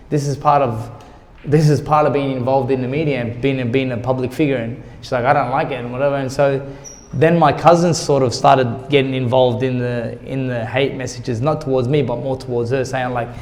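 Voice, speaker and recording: A man's voice: medium pitch, darkish tone. Man telling his story in a reverberant hall. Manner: emotional, retells conversations in quoted dialogue. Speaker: interview guest, former boxer. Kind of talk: candid storytelling interview.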